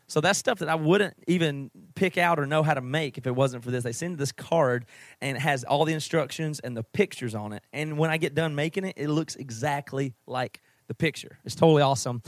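A man's voice: fairly high pitch, a little fast, no echo. A man hosting a podcast, chatty and upbeat as he reads a sponsor ad casually. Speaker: podcast host. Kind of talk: casual host-read ad.

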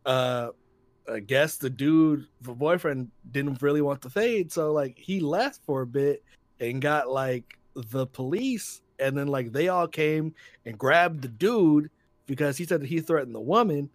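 Animated man telling stories, dry close sound. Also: a little high, unhurried, no echo. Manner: animated storyteller acting out quotes in loud voices. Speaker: podcast co-host. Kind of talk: casual chat.

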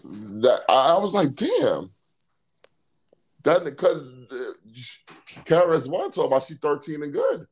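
A man chatting casually about music, animated and excitable. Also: moderate pace. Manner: animated, jumps high in pitch when excited.

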